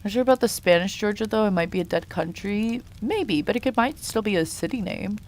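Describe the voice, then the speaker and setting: Speaking fairly quickly in a darkish, expressive mid-range voice, a young adult woman chats casually with viewers on a live stream while reading chat. Her sentences ramble loosely, packed with fillers and restarts.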